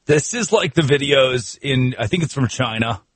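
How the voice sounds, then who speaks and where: A man's voice: mid-range voice, lively intonation, moderate pace, slightly rough, no room sound. A man hosting a sports radio show, riffing in comic talk with laughter and mock outrage.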